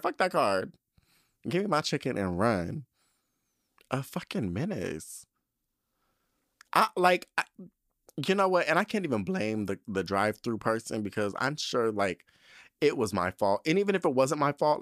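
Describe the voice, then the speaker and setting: Animated, profane young man telling stories. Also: on the low side, a little slow, long pauses, no room sound, studio quality. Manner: animated, profane, dramatic voice swings into quoted lines. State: tight allergy-clogged throat. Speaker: podcast host. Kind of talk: casual storytelling monologue.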